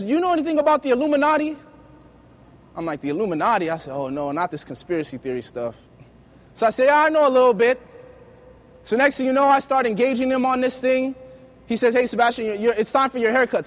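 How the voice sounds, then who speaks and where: Male preacher, very high voice, lively anecdotal sermon style. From United States. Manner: lively storytelling, acting out dialogue. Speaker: youth preacher. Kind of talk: sermon with personal stories.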